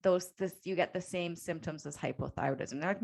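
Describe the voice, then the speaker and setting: A woman in her thirties co-hosts a podcast in a casual chat. Her voice sits a little low, and she speaks earnestly with firm emphasis, now and then turning sarcastic. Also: fairly quick, vocal fry, a little mellow. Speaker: podcast co-host.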